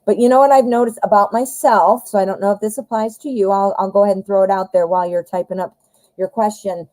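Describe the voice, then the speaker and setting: Chatty mellow-voiced woman reading tarot live. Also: mid-range voice, fairly even intonation, fast, dry recording, rough recording. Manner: chatty, addresses viewers directly with fillers and asides. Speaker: tarot reader.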